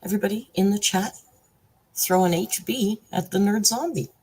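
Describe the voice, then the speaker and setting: A woman's voice: medium pitch, moderate pace, darkish tone, breathy edge, rough recording. A woman hosting a casual live stream from home. She chats freely, laughs often and coos at her pet. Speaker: livestream host.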